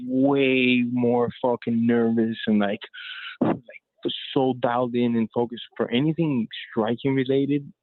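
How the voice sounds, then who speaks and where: A man's voice: medium pitch, no echo. A man calling in as a guest fight promoter, talking loosely and candidly with many fillers, over a tinny phone line. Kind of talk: casual phone interview.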